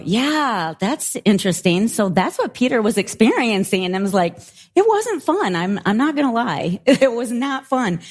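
A middle-aged woman preaching a sermon and telling a story in an animated, laughing way. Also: on the high side. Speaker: pastor.

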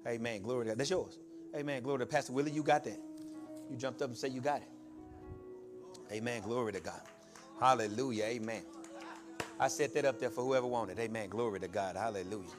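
A man preaching a sermon, calling out to his congregation and building to shouts. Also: mid-range voice, a little fast, pauses often, over music. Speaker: pastor.

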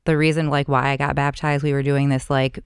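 A woman's voice: very deep voice, little pitch movement, fairly quick, clear, resonant tone, no echo, clean studio sound. A woman guest on a podcast, telling a personal story in a chatty way, full of filler words. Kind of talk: casual storytelling.

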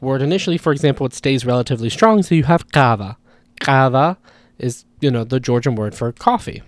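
A man's voice: medium pitch, darkish tone, no room sound. A man hosting a language podcast, talking casually and explaining ideas through spoken examples, often correcting himself as he goes.

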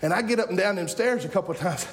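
Brief: man in his forties, very high voice, folksy preacher who builds to shouting. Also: very fast, noisy background. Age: 40s. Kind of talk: fiery sermon.

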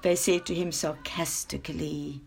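A woman narrating a children's story in an expressive, dramatic read-aloud style. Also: low voice, a little slow, gravelly, music in the background. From South Africa.

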